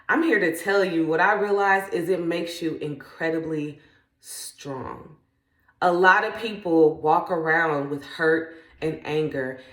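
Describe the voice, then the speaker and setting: A woman who is a parent and self-help vlogger shares reflective, faith-based thoughts, earnest and conversational, often trailing off into "like." Her voice sits low, and the room is echoey.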